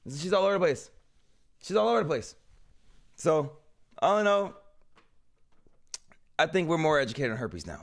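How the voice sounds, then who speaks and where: A man's voice: fairly high pitch, sing-song, moderate pace, gravelly, pauses often. A young man hosting a stream, reacting in loose, repetitive casual talk that trails off. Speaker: streamer host.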